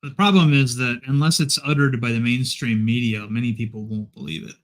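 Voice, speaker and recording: A man's voice: medium pitch, fairly even intonation, brisk. A man chatting casually on a live-stream voice call, telling jokes and anecdotes. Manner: laughing, joking asides.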